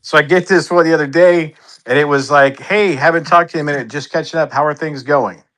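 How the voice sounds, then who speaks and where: A man's voice: on the high side, quick pace, fairly bright tone. A man in a casual online chat, telling a laid-back anecdote and swearing freely.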